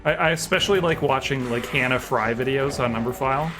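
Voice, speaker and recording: A man's voice: medium pitch, fairly quick. A man streaming a game live, chatting casually and self-deprecatingly while reacting aloud to the action and answering chat. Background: game music.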